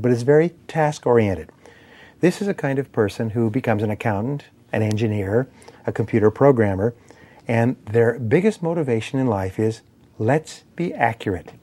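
A man delivering a motivational lecture on persuasion, measured and emphatic, ticking through points in steady lists. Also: mid-range voice. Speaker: speaker on persuasion and sales.

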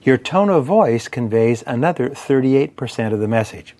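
Male speaker, motivational lecture, measured emphatic delivery, mid-range voice. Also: medium pitch, expressive, mellow. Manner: measured, emphatic, lists points in cadence. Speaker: speaker on persuasion and sales.

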